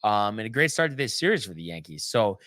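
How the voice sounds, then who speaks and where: A man's voice: fairly low pitch, big pitch swings, quick pace, fairly bright tone, dry recording. A man hosting a sports talk show, recapping games in a loose, chatty way with many ums and restarts. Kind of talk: casual sports recap chat.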